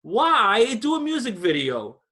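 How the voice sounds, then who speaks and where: High, bright-voiced ranting man. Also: unhurried. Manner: animated, profane, ranting. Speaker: podcast co-host. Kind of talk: casual chat.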